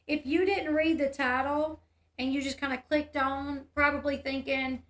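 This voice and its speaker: A woman's voice: high voice, fairly even intonation, moderate pace, reverberant. A woman chatting candidly on a livestream, reading comments aloud as she does her hair. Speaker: YouTube host. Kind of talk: casual livestream chat. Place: room at home.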